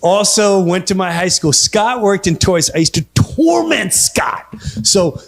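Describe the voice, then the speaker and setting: A middle-aged man doing live stand-up comedy, ranting with lots of energy and jumping into loud shouted voices. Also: high voice, big pitch swings, unhurried, gravelly.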